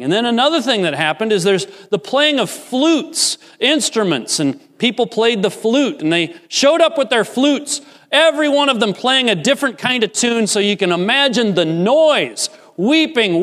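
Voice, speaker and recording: A man preaching a sermon as a pastor, swinging from loud, rising emphasis to hushed, low asides. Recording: reverberant hall.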